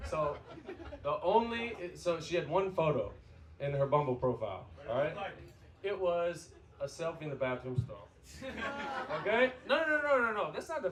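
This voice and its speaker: A man from the American South doing a profane, brash stand-up comedy set on a bar stage. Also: a little high. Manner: brash, profane, fillers like "okay?". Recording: loud live crowd laughter. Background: audience laughing.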